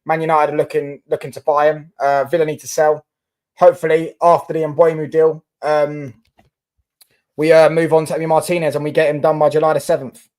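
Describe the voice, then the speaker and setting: A young man live-streams about football with a slightly high, darkish voice that moves fairly quickly and with little pitch variation. He chats casually and answers viewer comments, using lots of fillers and restarts.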